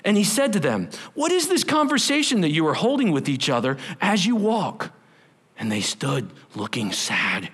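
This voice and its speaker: A man's voice: a little high, very animated, moderate pace, a bit bright, slightly rough. A middle-aged male pastor preaching a sermon, telling the story with acted-out voices and sudden drops to a whisper.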